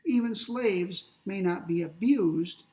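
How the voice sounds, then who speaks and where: A man lecturing on ethics, explaining step by step in a deliberate way and slowing down to read quoted passages. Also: high voice, mellow, distant mic, rough recording. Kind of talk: classroom lecture.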